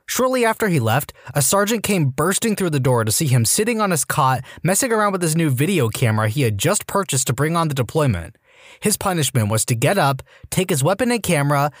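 A man reading online stories aloud as scripted narration, lively and now and then voicing the people in them. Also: a little high, no room sound, clean studio sound. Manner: lively reading with voiced character quotes. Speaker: story narrator.

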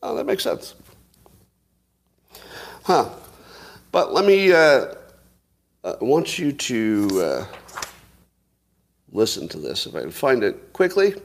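A man's voice: mid-range voice, sing-song, takes it slowly, gravelly, pauses often. A man hosting a casual solo commentary, musing aloud, asking rhetorical questions and chuckling to himself. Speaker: show host commentator.

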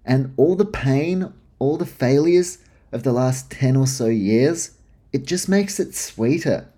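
A man's voice: mid-range voice, expressive, takes it slowly, mellow, slightly rough. A man hosting a casual sports talk show, blunt and frustrated, swearing freely as he gives his opinions on the teams. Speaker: sports podcast host.

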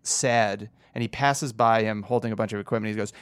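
A man's voice: lowish voice, fairly even intonation, brisk, smooth, dry recording. A man guesting on a casual comedy chat, laughing often and riffing along.

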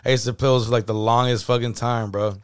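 A man co-hosting a casual podcast chat, talking in an excitable, slangy way. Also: mid-range voice, quick pace, smooth, dry recording, studio quality.

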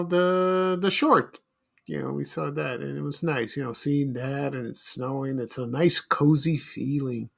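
Middle-aged man, podcast host, gravelly voice, slightly high, rambling, nostalgic. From Chicago, USA. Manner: rambling and nostalgic, many fillers and restarts. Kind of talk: casual solo podcast monologue.

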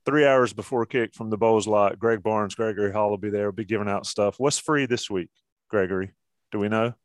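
A man with a low voice hosts a relaxed sports podcast. He jokes with his co-hosts and pushes the talk on to the next subject. His voice sits close and dry on the mic. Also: fairly quick, dry recording. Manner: joking, steering the conversation. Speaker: podcast host. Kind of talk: casual sports chat.

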